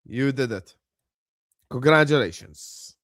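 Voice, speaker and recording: A man hosting a football watchalong livestream, excitedly chanting and urging viewers to subscribe. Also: medium pitch, slow, dry recording, clean studio sound. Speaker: livestream host. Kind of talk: hyped watchalong livestream chat.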